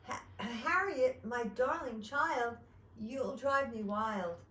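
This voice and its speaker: A storybook mother with a gentle, sing-song way of scolding, as a woman reads her aloud. She speaks slowly and sits a bit high. The sound carries a roomy echo. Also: recorded from a distance, close to an everyday voice. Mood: exasperated. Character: patient mother of a pesky little girl.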